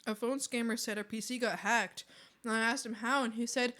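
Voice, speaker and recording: A woman streamer talks casually to her chat as she works on a drawing. Her voice sits a little high and rings bright and sharp. She laughs easily and acts out the people in her stories. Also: steady tone, fairly quick. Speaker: art streamer.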